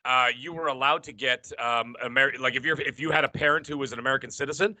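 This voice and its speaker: A man's voice: medium pitch, fast, no room sound. A Canadian man chatting on a gaming show, ranting and laughing a lot, with a voice he says is worn out. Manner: animated, ranting, laughs often. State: losing his voice. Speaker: show regular. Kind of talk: casual chat. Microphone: headset.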